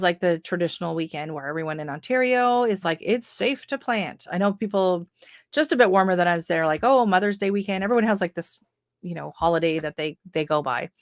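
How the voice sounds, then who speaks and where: A woman's voice: on the low side, a little fast, fairly bright tone, no echo, clean studio sound. A middle-aged Canadian woman with a Canadian accent, hosting a casual gardening livestream and reading out viewer comments, chatty and rambling with frequent laughs and fillers.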